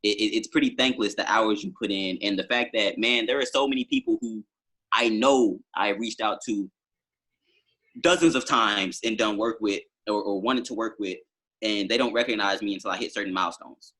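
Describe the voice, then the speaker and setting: A man's voice: fairly low pitch, normal speed, pushed and bright, slightly rough. A man talking as a musician guest on a podcast, telling long rambling stories full of fillers in casual conversation. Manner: rambling storytelling with many fillers.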